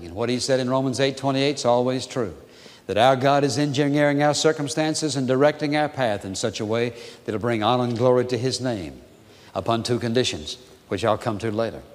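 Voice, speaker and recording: Earnest pastor preaching in a reverberant hall. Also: male voice. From United States. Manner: slow, earnest and deliberate, with repeated phrases and soft, low drops on key words. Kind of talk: sermon. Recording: long reverb from a large hall.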